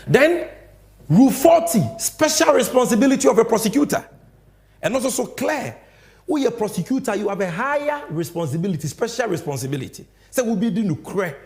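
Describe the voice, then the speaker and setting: A man's voice: on the high side, a little mellow. A Ghanaian man hosting a political talk show, making emphatic commentary and switching between English and Twi with sing-song stresses. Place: studio.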